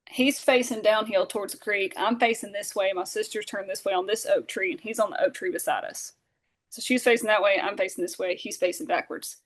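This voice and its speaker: A woman, a podcast guest telling a lively story and acting out the voices of those in it. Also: mid-range voice. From Southern Alabama. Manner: animated, acts out dialogue, many fillers. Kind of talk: storytelling in casual interview.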